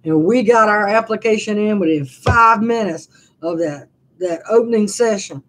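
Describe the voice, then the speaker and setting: A woman's voice: mid-range voice, moderate pace. Chatty woman in her sixties rambling. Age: 60s. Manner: rambling, chatty storytelling with many restarts. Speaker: vlogger. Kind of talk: casual live-stream chat. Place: her living room at home.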